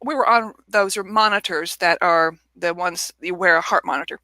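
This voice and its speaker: Bright, dry-sounding woman telling a story. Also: on the low side, normal speed, dry recording. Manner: animated storyteller who acts out quoted people. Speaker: author and guest. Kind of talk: casual interview storytelling.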